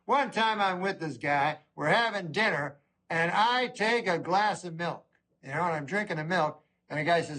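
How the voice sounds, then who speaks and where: A man delivers a stand-up set in a dry, deadpan manner, leaving halting pauses between his phrases. His fairly high voice rises and falls a great deal. The sound carries a long hall reverb over a faint room ambience. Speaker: stand-up comedian. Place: comedy stage.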